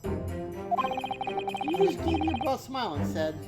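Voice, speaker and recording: A woman's voice: high-pitched, sing-song, slow. A woman live-streaming as she reads game dialogue aloud, theatrical and switching between character voices. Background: loud music.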